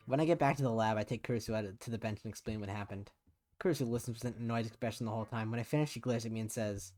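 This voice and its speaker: A man's voice: lowish voice, fairly even intonation, very fast, darkish tone, soft background music. A man streaming as he reads a visual novel aloud, narrating casually and dropping swearing asides.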